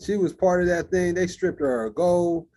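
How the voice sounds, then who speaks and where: A man co-hosting a laid-back sports chat. His voice sits notably high. He argues his points in a thoughtful way and acts out quotes from the people he talks about. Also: moderate pace, dark tone. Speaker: podcast co-host.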